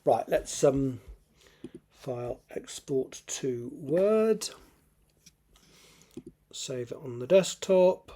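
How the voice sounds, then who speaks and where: A man's voice: medium pitch, lively intonation, drawn-out words, long pauses, mellow, slight background noise. Tired man muttering while editing. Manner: tired, muttering asides to himself. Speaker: author. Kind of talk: reading his own draft aloud while editing.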